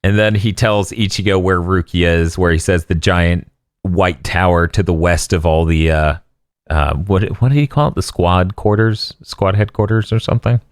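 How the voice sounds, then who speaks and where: Man, podcast host, casual recap, laughs a lot, slightly low voice, dead-dry sound. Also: normal speed, dry recording. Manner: laughing, profane storytelling.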